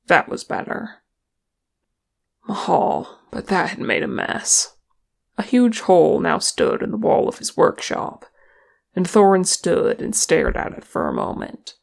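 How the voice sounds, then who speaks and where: A reader narrating a fan fiction story in a steady, measured way. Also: mid-range voice, creaky. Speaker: audiobook reader.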